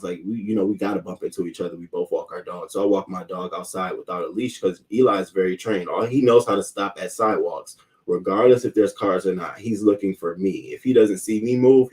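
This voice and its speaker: A man rants in a heated, profane stream of talk while greeting chat viewers by name. His voice sits low and mellow. He sounds set back from the microphone. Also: recorded from a distance. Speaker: host. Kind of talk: casual live-stream rant.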